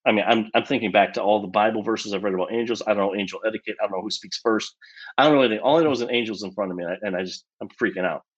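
A man being interviewed as a guest, telling a personal story in an animated way with lots of casual fillers. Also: on the low side, very fast, husky, highs cut off.

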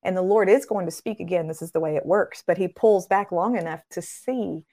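This ministry founder, a guest on a faith podcast, talks a little fast in a lowish, mellow voice. She preaches with earnest conviction, stacking repeated phrases to build her points, and performs the voices she quotes in a raised tone.

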